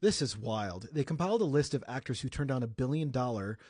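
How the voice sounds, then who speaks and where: A man's voice: mid-range voice, lively intonation, a little fast, darkish tone, slightly rough, no room sound, studio quality. A young man from the United States hosting a casual celebrity news podcast, chatty and joking, correcting himself as he goes. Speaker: podcast host.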